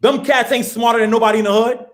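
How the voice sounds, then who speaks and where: A man, a professor talking as a guest in a casual, animated, slangy way, laughing as he goes. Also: extremely high pitch, quick pace. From the Bronx, New York. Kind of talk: casual conversation.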